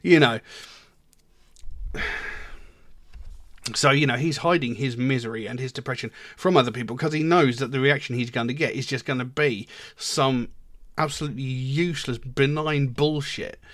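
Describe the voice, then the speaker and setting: A man's voice: medium pitch, fairly even intonation, normal speed, pauses often, a bit bright, dry recording. A man giving casual spoken commentary on a song, earnest and emphatic, rambling at times and swearing bluntly. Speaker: music reaction video host.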